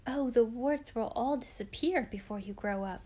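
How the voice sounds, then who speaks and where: A woman's voice: fairly high pitch, moderate pace, a little mellow, natural voice. A woman reading an audiobook, voicing a sensible, earnest young girl. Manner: earnest, sometimes indignant.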